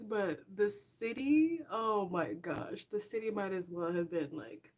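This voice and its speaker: A young woman hosting a casual livestream chat, talking straight to her viewers in an animated way and laughing often. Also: mid-range voice, a little slow, few pauses. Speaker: livestream host.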